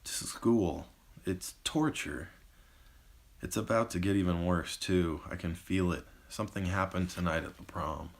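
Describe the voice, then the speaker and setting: A man voicing a distraught teenage girl who talks in a broken, hopeless way, in a deep voice. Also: a little slow. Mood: despairing. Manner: broken, despairing.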